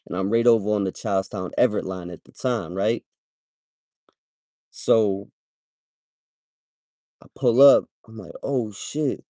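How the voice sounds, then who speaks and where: A man's voice: on the low side, unhurried, pauses often, dark tone, dry recording, studio quality. A man hosting a livestream, telling a story in a slangy, casual way and tagging "right?" onto his sentences. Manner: slangy, repeats "right?" as a tag. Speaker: livestream host.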